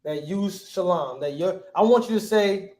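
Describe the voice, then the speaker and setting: High-voiced man teaching in echoey room. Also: animated, moderate pace, a little mellow. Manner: conversational, quizzes the class, slangy. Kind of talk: informal classroom teaching.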